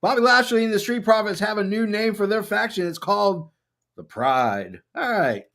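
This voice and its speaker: A man hosting a casual chat show, rambling along with many filler pauses. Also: high voice, animated, fairly bright tone. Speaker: podcast host.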